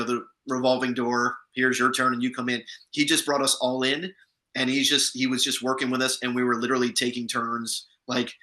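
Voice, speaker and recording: A man's voice: medium pitch, sharp tone, rough recording. A man, an actor guest in an interview, chatting through anecdotes from set with many restarts. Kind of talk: casual interview storytelling.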